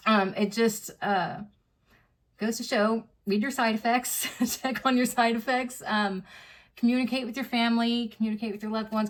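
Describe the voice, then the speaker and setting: A woman in her thirties talks straight to her audience, candid and unpolished. Her pitch sits in an ordinary middle range for a woman. She keeps up a rambling, conversational flow, leaning on fillers and acting out snippets of what people said to her. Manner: chatty and unpolished, full of fillers and reenacted dialogue. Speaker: vlogger. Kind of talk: candid personal storytelling to camera.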